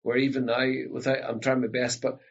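A man with an Ulster Scots accent tells stories in easy conversation, slipping into the voices of the people in them. His voice is husky, and the recording sounds dull and lo-fi. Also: mid-range voice, a little fast. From Northern Ireland. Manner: animated storyteller who acts out family voices. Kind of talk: casual storytelling chat.

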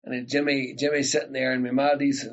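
A man from Northern Ireland with an Ulster Scots accent, chatting casually and telling animated stories. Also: medium pitch, a little fast, dull audio. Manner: animated storyteller, breaks into local voices. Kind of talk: casual chat.

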